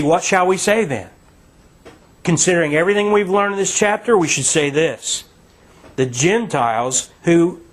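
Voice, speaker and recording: A man leading a Bible study in a conversational, emphatic teaching style, asking listeners to read verses aloud. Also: a little high.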